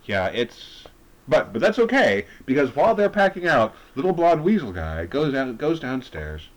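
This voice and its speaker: A man's voice: medium pitch, very animated, moderate pace. A man co-hosting a casual podcast chat, recapping a TV episode and acting out the characters' lines in jokey voices. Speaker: podcast co-host.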